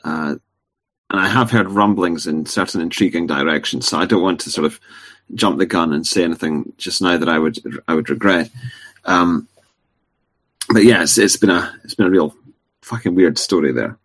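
A man hosting a podcast, talking in a measured, somewhat hesitant way. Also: deep voice, fairly bright tone. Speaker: podcast host. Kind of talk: casual chat.

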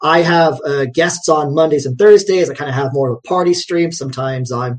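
A man with a somewhat high voice pitches his own livestream show. He sounds upbeat and promotional, laughing easily between points. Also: brisk. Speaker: livestream host. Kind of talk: casual podcast conversation.

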